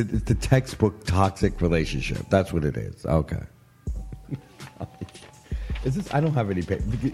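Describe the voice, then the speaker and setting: A fairly low-pitched man with a darkish tone hosts guests in a studio for rambling, casual gossip over faint background music. He laughs frequently and leans on "you know what I mean."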